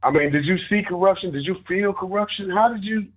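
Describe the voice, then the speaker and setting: A man co-hosting casual sports talk, joking and exaggerating in an animated way. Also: high-pitched, fast, phone-quality sound. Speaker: co-host.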